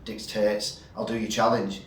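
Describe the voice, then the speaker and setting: A man's voice: fairly low pitch, little pitch movement, unhurried, slight background noise, close to an everyday voice. A man voicing a depressed, broke bloke who talks in a glum mumble. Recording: roomy, distant mic, faint ambience.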